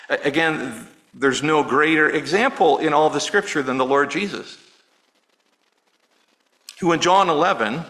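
A middle-aged male pastor preaching a sermon in an earnest, personal way, dropping low and quiet on words of grief. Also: rough recording. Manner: earnest, personal, softening to near-hush on grief.

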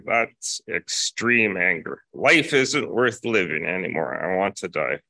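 A man delivers a sermon in a lowish, forceful voice, steady and deliberate, returning again and again to his key phrases. The sound is close and dry, with no room around it. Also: gravelly, no room sound. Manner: measured, repeats key phrases for emphasis. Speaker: preacher.

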